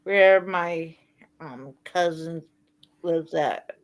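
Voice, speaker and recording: Slow, smooth-voiced woman. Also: on the low side. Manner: slow, hesitant, with fillers. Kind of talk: casual chat on a livestream.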